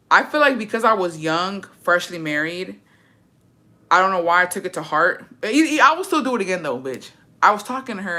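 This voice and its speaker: Brassy woman vlogger, bright edgy voice, swears freely, playful attitude toward her besties. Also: on the low side. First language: English. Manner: brash, profane, sassy, talks to viewers as besties. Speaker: vlogger reacting to a story. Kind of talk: casual storytime chat.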